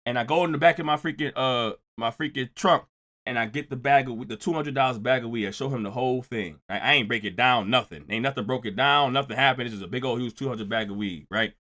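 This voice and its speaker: A man's voice: mid-range voice, quick pace, pushed and bright. A man telling a personal story in a casual, profane, slangy way, often checking in with "right?". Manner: keeps adding "right?" to check with listeners.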